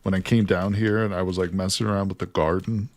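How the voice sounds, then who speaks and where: A man with a fairly low voice plays through a survival game live. He talks straight to his viewers, dropping to mutters and then jumping into excited, jokey outbursts. A desk mic catches him as he types at his keyboard. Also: fast. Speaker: gaming streamer. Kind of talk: live gameplay commentary.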